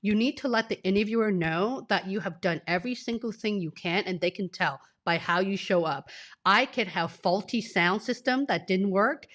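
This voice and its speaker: A woman's voice: mid-range voice, moderate pace, a bit bright. A woman career coach in her forties speaking to live-stream viewers, sick and tearful, effusive and emotional. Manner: emotional, effusive, talks straight to the audience.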